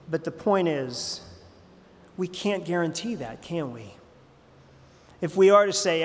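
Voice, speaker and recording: A man preaching in a loose, conversational way, stumbling over fillers and restarting his sentences as he goes. His voice sits a bit high for a man. It rings out with a long reverb across a large church sanctuary. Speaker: pastor. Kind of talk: sermon.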